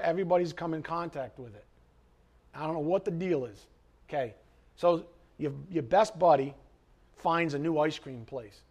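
A man preaching a sermon in an animated way, reading scripture and acting out everyday conversations. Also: high voice. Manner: animated, acts out quoted voices. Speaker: pastor.

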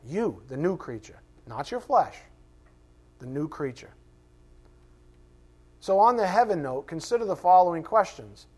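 A man's voice: high voice, very animated, a little slow, long pauses, darkish tone. A man teaching a Bible class in a conversational way, asking rhetorical questions and acting out quoted voices. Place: classroom with a board.

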